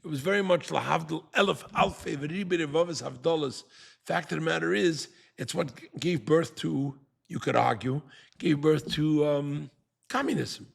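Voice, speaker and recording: An older man teaching a Torah class, animated and fond of rhetorical questions, who acts out the people he quotes. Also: fairly high pitch, moderate pace, gravelly, slightly rough.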